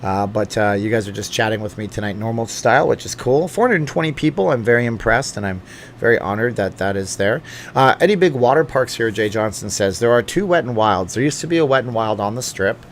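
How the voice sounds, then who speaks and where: Casting: middle-aged male host, slightly low voice, relaxed joking livestream chat read from viewer comments. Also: brisk, slight background noise. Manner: chatty and joking, thinks aloud with fillers and asides. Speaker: channel host answering live chat. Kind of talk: casual late-night livestream chat, reading viewer comments aloud. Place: at home.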